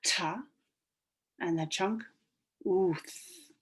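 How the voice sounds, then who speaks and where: A woman teaching a phonics lesson to young children, stretching out sounds in an animated sing-song way. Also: lowish voice, extremely slow, slight background noise.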